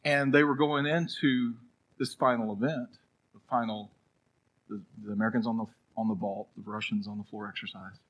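Husky-voiced male pastor preaching. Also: lowish voice, fairly even intonation, normal speed, highs cut off. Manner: storytelling, swings from loud urging to hushed prayer. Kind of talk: sermon.

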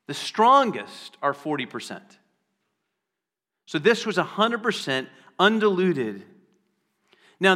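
A man delivers a sermon with a high, bright voice that carries through a long-echoing hall. He preaches earnestly, slowing down and repeating key phrases to drive a point home. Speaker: pastor.

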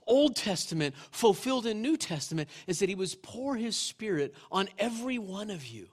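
Male pastor, middle-aged, conversational sermon delivery, lively scripture storyteller, a touch high-pitched. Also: normal speed, slightly rough. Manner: conversational, asks the congregation questions. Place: church sanctuary.

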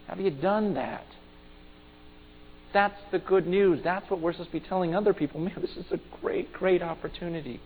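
Man, high voice, preaching a sermon, pleading, earnest, repeats words, thin phone-like sound, long hall echo. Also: very animated, fairly quick. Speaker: pastor.

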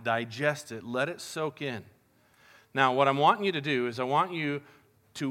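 A man's voice: medium pitch, fairly bright tone. A man preaching as a pastor, in a casual, conversational and upbeat way, talking to the congregation as guys. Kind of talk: casual sermon.

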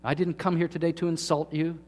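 A man preaching a sermon to his congregation, asking them questions and swinging from quiet to emphatic. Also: a little high, level tone, a little fast, in a large hall. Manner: asks the congregation questions, swings between soft and loud. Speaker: pastor. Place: church hall.

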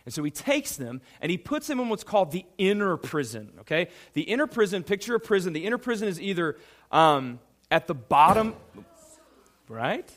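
A male pastor preaching with a fairly high voice. He swings between loud emphasis and quiet asides, speaking straight to a congregation of young people. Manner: animated, emphatic preaching with pauses; addresses a youth audience directly. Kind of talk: sermon.

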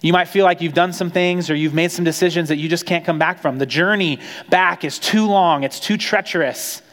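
A man preaching a sermon in a conversational, animated storytelling way, acting out quotes. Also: on the high side, fairly quick, in a large hall. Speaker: pastor.

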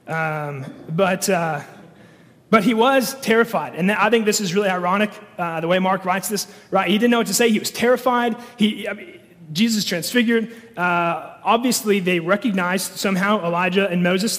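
Male pastor, higher pitch, casual sermon delivery with frequent fillers; long reverb of a church hall. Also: a bit bright. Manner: conversational, many fillers and restarts.

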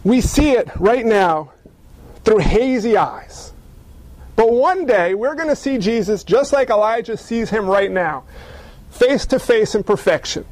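A pastor with a high, light male voice delivers a sermon in an easygoing, emphatic way, slipping in playful asides. The sound is dry and close, with no room echo.

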